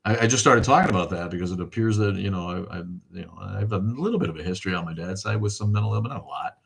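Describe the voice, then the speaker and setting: A man's voice: deep voice, very fast, gravelly. Profane, rambling middle-aged man. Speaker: livestream host. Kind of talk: casual livestream chat reading viewer comments.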